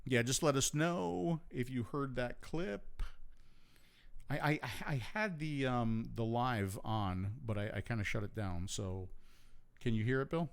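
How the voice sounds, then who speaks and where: A man's voice: medium pitch, a little slow, vocal fry, clean tone. A man hosting a live online show and interviewing a guest, loose and friendly, with many restarts. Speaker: show host.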